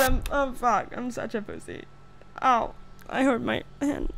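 A woman's voice: fairly high pitch, lively intonation, measured pace, background noise. A young woman hosting a horror game let's play, screaming and squealing when scared, swearing, laughing nervously and apologizing to viewers. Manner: apologetic, chatty outro to viewers. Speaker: gaming channel host.

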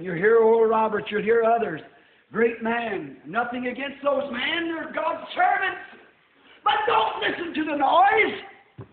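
Preacher with a folksy drawl, high-pitched. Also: male voice. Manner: folksy preaching, rising to shouts. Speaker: pastor. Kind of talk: sermon. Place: church. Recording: tinny roomy old sermon tape.

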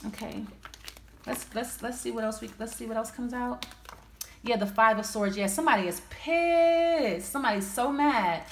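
A woman's voice: a little high, normal speed, a little hiss or hum. A woman doing a casual tarot reading, blunt and profane, thinking aloud as she pulls each card. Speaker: tarot reader. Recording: roomy echo.

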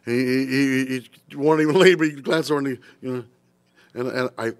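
An older man, a trumpeter being interviewed, telling a story in lively detail, stumbling over repeated words and laughing between lines. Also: medium pitch, brisk, no echo. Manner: acts out quoted voices, laughs often, restarts with repeated words. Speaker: trumpeter guest. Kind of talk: animated storytelling in a podcast interview.

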